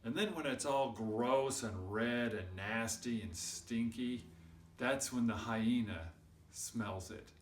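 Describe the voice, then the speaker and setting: A man spinning a goofy tale for kids, swinging between quiet asides and big, bellowing peaks. His voice sits in a middling pitch and comes across roomy, from a mic set some distance away. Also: slow. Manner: exaggerated, builds up to loud shouts. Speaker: storyteller and channel host. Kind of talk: animated children's storytelling.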